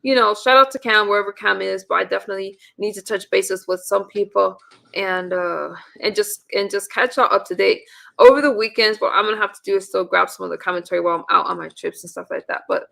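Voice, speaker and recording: Gravelly, bright-voiced woman streamer. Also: mid-range voice, steady tone, fast talker. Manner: chatty, rambling with many restarts. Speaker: livestream host. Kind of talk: casual live-stream chat.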